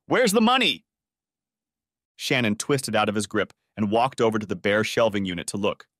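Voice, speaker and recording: A man's voice: lowish voice, brisk, a bit bright, dry recording. A man narrating a dramatic audiobook story in a scripted reading, on a close studio mic.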